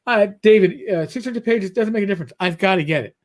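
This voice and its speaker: A man's voice: high voice, quick pace. A man with a New York accent co-hosting a podcast, chatting casually and telling stories animatedly, with frequent restarts. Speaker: podcast co-host. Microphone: computer microphone on a live stream.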